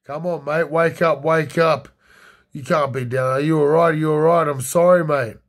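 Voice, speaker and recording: A clumsy young man, sheepish and frantic, his voice climbing higher as he pleads, as a man puts him on. He talks. He speaks in a loose, rough-and-ready way. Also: expressive, measured pace, a little mellow. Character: clumsy young male hunter, apologetic.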